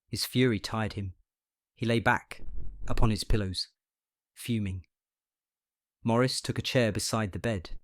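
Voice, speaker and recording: A man reading a short story aloud in a measured, unhurried storytelling manner. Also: lowish voice, fairly even intonation, no room sound, studio quality. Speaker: audiobook reader. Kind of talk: scripted narration of a short story.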